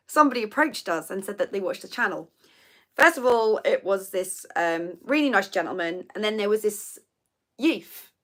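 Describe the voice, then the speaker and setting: A woman's voice: medium pitch, expressive, normal speed, fairly bright tone. A middle-aged woman, chatting casually as host of a livestream and telling stories with plenty of asides. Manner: chatty storytelling with laughs and asides. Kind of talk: casual chat.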